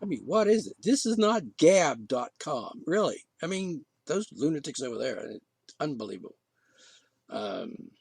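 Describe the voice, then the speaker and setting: A man with a high, lively voice rants indignantly, swinging from sarcasm to exasperation. His delivery is rambling and full of restarts. The recording is dry and close. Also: measured pace, creaky, slightly rough, no echo. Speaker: podcast host. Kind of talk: ranting monologue.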